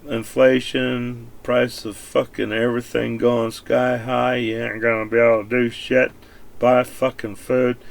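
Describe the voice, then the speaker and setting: With a medium-pitched, gravelly voice, a vlogger rambles through a crude, casual rant to the camera, cursing constantly as he jumps between points.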